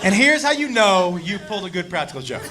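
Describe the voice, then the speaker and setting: A man doing stand-up comedy on a club stage, telling a wild story loudly and laughing through his punchlines. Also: sits high, big pitch swings, fast. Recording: live club set with audience laughter. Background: crowd laughter and room noise.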